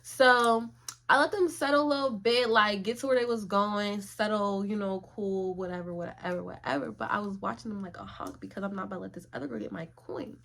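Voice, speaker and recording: A woman's voice: mid-range voice, a little fast, creaky, a little hiss or hum. A young woman vlogging a story in a casual, slangy way, acting out what people said. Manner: animated, slangy, acts out quotes.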